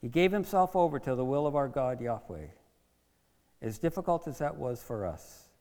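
A man's voice: medium pitch, expressive, moderate pace, darkish tone, long reverb tail. A male preacher retelling a Bible story in the first person, in a theatrical but conversational way.

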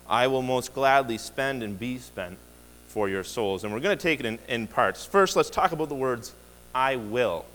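A man's voice: mid-range voice, fairly bright tone, in a large hall, low-quality recording. A man preaching a sermon as pastor, earnest and emphatic, often restarting his phrases. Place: church sanctuary.

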